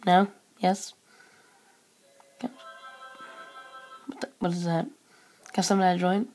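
A woman's voice: on the low side, level tone, slow, a little mellow, soft background music. A young woman chatting with strangers over a webcam, teasing them with mock-tough taunts. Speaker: chatroulette vlogger. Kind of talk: casual webcam chat.

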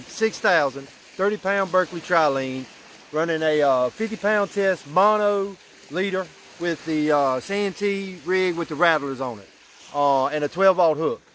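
Male fishing vlogger, high voice, breathless and excitable, riverbank at night, light background noise. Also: a little slow. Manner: excitable, breathless after a catch, Southern "y'all" slang. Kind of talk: excited outdoor vlog talk.

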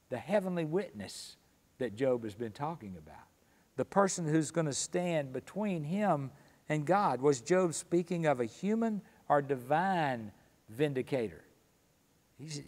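Guy teaching sunday school, mid-pitched voice, slows way down on the scripture bits, lots of hall echo. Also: darkish tone. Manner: slows down to read scripture with emphasis. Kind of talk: Bible study teaching. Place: church room.

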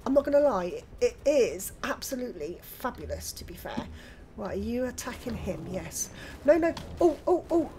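An older British woman hosting her own gaming channel, chatting excitedly through gameplay and with friends on voice chat. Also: on the high side, slight background noise. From United Kingdom. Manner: chatty, excitable, quick exclamations. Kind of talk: casual gameplay commentary.

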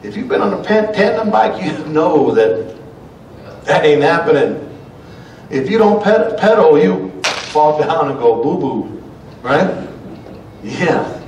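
A middle-aged man preaches in a folksy storytelling way, his fairly high voice rising loud and dropping to a hush. He sounds set back from the microphone, and the church room around him is echoey. A faint rumble runs underneath. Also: lively intonation, takes it slowly, recorded from a distance. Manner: folksy storytelling, swings between loud and hushed. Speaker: pastor. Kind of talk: sermon. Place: church sanctuary.

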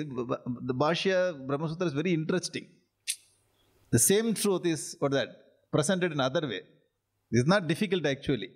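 Indian-accented swami teaching scripture. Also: male voice, a little high. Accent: Indian English. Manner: repeats checks like "are you getting it?", chuckles often; slow, drawn-out recitation of Sanskrit phrases. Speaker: spiritual teacher. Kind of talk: interactive scripture class.

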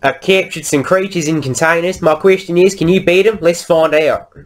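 A man's voice: on the high side, fairly even intonation, voice pushed up, natural voice. Brash yard boss with a fake American accent, taunting players in a game, stumbling over the script, a man putting it on. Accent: put-on American. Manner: halting, stumbles over the read-out lines. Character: brash male owner of a monster-filled yard.

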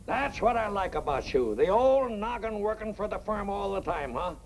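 An actor playing a hearty, bluff middle-aged company boss in 1950s sitcom style. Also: male voice, high-pitched, lively intonation, moderate pace, slight background noise.

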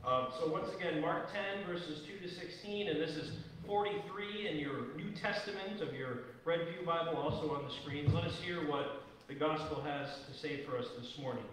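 A man preaching in a church, his fairly high voice talking plainly and conversationally to the congregation. The sound is distant and soaked in long hall reverb, with a faint room hiss underneath. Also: normal speed, a bit bright. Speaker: pastor. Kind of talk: sermon with scripture reading. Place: church sanctuary. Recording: echoey church hall from far off.

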